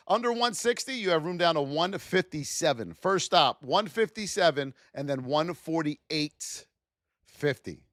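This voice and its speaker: A man hosts a live trading stream, calling out price levels in a high, smooth voice. His delivery swings up and down with hype-filled, sing-song energy. The sound is dry and close to the mic. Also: fairly bright tone, dry recording. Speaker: trading livestream host. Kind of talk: live market commentary.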